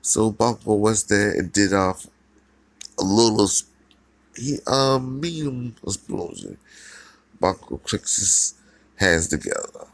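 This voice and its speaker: A man narrates a fan story slowly and casually, rambling along with fillers and restarts. His low, gravelly voice swings widely in pitch, recorded close and dry. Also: lively intonation, dry recording.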